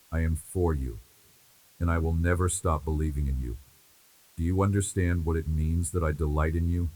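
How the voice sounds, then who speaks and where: Man with an extremely deep voice. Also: darkish tone, breathy edge, rough recording. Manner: measured, repetitive, reassuring cadence. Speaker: devotional speaker. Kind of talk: scripted devotional message spoken in God's voice.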